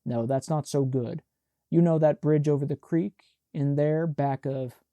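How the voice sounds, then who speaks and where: A man's voice: on the high side, steady tone, a little slow, warm tone, no echo. A man playing a cool, self-assured young man in an audiobook, speaking tersely and without hurry. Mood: curt. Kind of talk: audiobook character voice.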